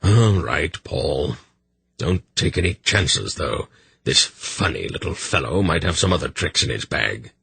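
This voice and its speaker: Narrator guy doing a grumpy old wizard, low raspy growl, snaps at everyone. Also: expressive, unhurried, pushed and bright, dry recording, heavily acted. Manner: gruff, snapping and angry. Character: gruff, irritable old male sorcerer.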